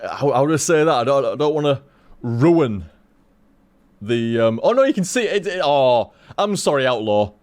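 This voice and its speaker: Rambling man with a lively pitch. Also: normal speed. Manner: rambling, swears casually, stumbles and restarts. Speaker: game streamer. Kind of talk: casual stream chat.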